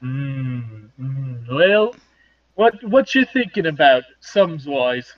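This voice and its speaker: A man's voice: medium pitch, very animated, takes it slowly, dry recording, lo-fi sound. A man voicing a fish-eyed male property seller who haggles in a blustering, indignant way.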